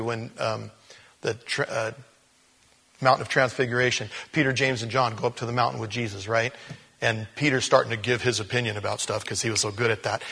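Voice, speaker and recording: Male pastor, husky voice, preaching with big swings in emphasis, long hall reverb. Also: mid-range voice. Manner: animated, shifts emphasis dramatically, sudden loud rises. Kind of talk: expository sermon.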